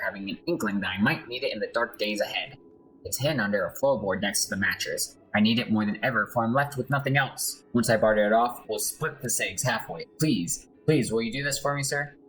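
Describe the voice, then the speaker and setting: A man's voice: lowish voice, fairly bright tone, slight background noise, rough recording. Man reading a frightened outcast, pleading and frantic, game voice. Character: desperate hunted man, pleading.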